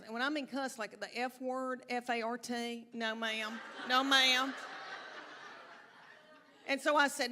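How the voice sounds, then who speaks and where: A woman's voice: fairly high pitch, fairly even intonation, unhurried, pushed and bright. A middle-aged woman, telling chatty, folksy stories in a stand-up comedy routine. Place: comedy stage before a live audience.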